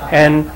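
High-voiced man preaching a sermon. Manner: conversational preaching with frequent asides and rhetorical "Amen?". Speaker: pastor. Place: church sanctuary.

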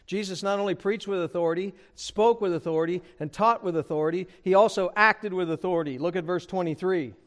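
A man preaching an expository sermon, addressing the congregation directly and rising in pitch and volume for emphasis. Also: fairly quick, few pauses. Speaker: pastor.

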